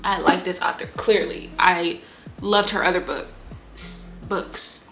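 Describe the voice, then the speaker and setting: A woman giving a casual book review on her vlog, talking in an animated, candid way, swearing freely and acting out lines from the story. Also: on the low side, slow, faint music behind. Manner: animated, candid and profane, acts out quotes.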